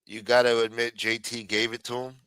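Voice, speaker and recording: A man rants on a livestream with a bright, forceful voice, swearing nonstop and getting worked up. The sound is dry and close, with no room around it. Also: mid-range voice, level tone, a little fast, clear, resonant tone, dry recording. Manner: heated, swears constantly, mocks others in raised voices. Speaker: livestream commentator. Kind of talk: casual profane rant.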